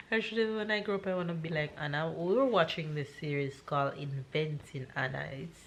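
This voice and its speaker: A woman's voice: deep voice, moderate pace, a little hiss or hum. A Jamaican woman in her thirties, a mother narrating a casual family vlog from her kitchen, playfully quizzing her kids in a sing-song way. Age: 30s. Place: home kitchen.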